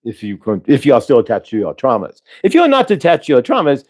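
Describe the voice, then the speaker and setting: Guy channeling spirit guides live, earnest coaching vibe, lots of rhetorical questions, middle pitch. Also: huge pitch swings, quick pace, a little mellow.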